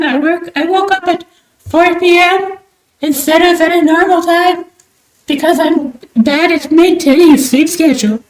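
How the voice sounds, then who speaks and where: A young woman from Australia chats with her livestream as she draws, keeping up a high, theatrical bird-persona voice. Her throat sounds sore and strained from pushing it. The desk mic is turned up loud in a small room at home that gives her voice a roomy echo. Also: unhurried. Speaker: streamer. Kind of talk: livestream chat while drawing. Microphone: desk mic with high gain.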